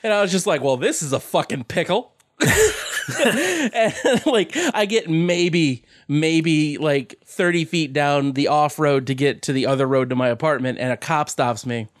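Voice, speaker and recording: A man with a slightly high voice, chatting loosely and swearing through his stories. He laughs often, and the sound is close and dry with no room echo. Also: fairly even intonation, measured pace. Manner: profane storyteller, laughing often. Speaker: podcast co-host. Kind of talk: casual chat.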